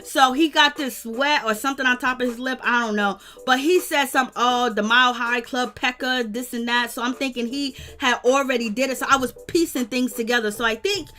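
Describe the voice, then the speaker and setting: A woman, chatting casually and animatedly while she recaps a reality show live. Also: high voice. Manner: animated, slangy, breaks into quick prayer. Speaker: reality TV reviewer.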